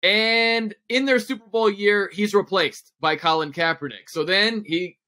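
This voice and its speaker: Bright-voiced, enthusiastic sports talk guest. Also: male voice, sits high, measured pace. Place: radio studio. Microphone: studio microphone.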